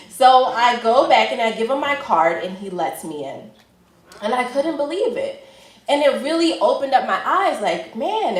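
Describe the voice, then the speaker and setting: A woman, a fashion entrepreneur, telling a personal story in a chatty, lively way with lots of filler words. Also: fairly high pitch, reverberant, low-quality recording. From United States.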